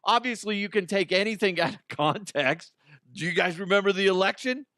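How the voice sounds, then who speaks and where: A man's voice: high-pitched, animated, brisk, bright, forceful tone, dry recording, studio quality. A man hosting a comedic podcast, telling stories in a loose monologue, swearing often and laughing at his own jokes. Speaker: podcast host.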